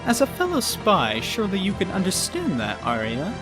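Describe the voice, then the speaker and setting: A man's voice: high-pitched, huge pitch swings, normal speed, over music, voice pushed up. A man reading the lines of a cunning, teasing young woman spy from a video game in a smug tone.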